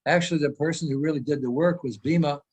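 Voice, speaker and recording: A man's voice: a little high, quick pace, a little mellow, slightly rough, low-quality recording. An older man talking over a video call as a guest speaker, earnest and emphatic, wandering through thoughts with frequent restarts. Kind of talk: conversational video-call talk.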